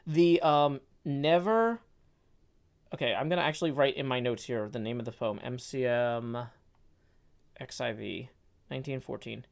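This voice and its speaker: A man's voice: mid-range voice, moderate pace, creaky. A man reading poetry aloud and chatting on his live stream, with careful stress on the words and frequent hesitant fillers.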